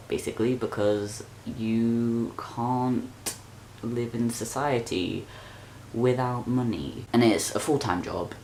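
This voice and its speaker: A man's voice: medium pitch, slight background noise. A young man, talking straight to camera in an exasperated, sweary rant for his vlog. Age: young adult. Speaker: vlogger.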